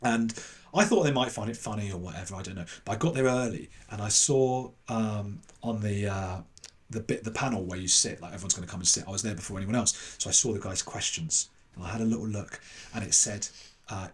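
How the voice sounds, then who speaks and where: A man with an English accent telling a long anecdote as a podcast guest, animated and acting out the voices of other people. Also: lowish voice, fairly quick. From England. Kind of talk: casual anecdote in an interview.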